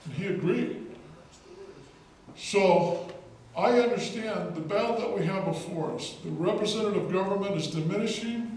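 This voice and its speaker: A man's voice: high-pitched, moderate pace, darkish tone. A man who is a state legislator, giving an emphatic storytelling speech at a political rally. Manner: storytelling, emphatic, repeats words for effect. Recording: echoey hall, distant mic, faint noise.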